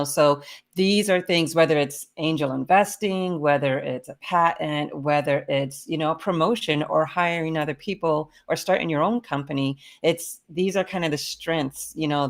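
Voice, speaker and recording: Low-voiced woman panelist, reflective. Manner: reflective, leans on "you know". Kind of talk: virtual panel discussion. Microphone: video call.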